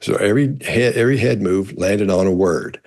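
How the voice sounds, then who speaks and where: A man's voice: lowish voice, fairly quick, creaky, a little mellow. A man, a body language expert, casually answering viewer questions in a rambling way, often restarting his phrases. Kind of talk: casual explanatory talk.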